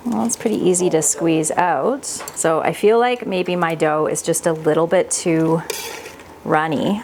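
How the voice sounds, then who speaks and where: Canadian woman, chatty home-cooking vlogger, lower voice, faint background hiss. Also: a little slow, darkish tone. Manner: chatty, laughs easily, thinks aloud while cooking. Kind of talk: casual cooking chat. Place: home kitchen.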